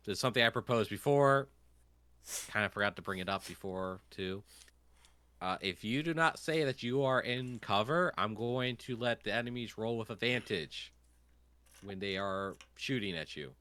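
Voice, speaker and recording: Game master, male, low bright voice, dry close sound, rambling. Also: smooth, no echo. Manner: rambling, many fillers. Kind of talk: narrating a tabletop game.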